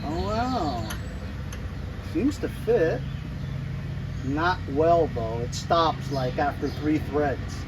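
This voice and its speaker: Chatty high-voiced man outdoors. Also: animated, slow pace, noisy background. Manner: chatty, laughs easily, rambling. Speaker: vlogger. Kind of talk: casual chat.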